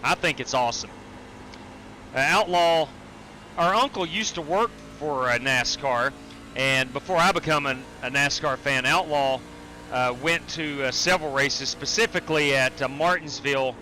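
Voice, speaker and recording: A man's voice: on the high side, normal speed, sharp tone, a little hiss or hum. A man streaming a sim race, chatting casually and greeting viewers while he drives. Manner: frequent fillers and restarts. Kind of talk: casual live-stream commentary.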